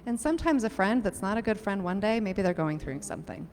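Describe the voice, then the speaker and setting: A woman panelist talks thoughtfully and builds her points around images and comparisons. Her voice is at a mid pitch, carried by long hall reverb with a faint hiss under it. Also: expressive, fast talker, a little mellow. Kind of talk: live panel discussion.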